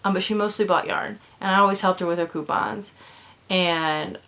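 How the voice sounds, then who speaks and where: A woman's voice: on the low side, normal speed, fairly bright tone. A young woman chatting casually in a doll vlog, rambling with lots of fillers and sometimes dropping to a whisper. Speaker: doll vlogger. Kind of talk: casual chat.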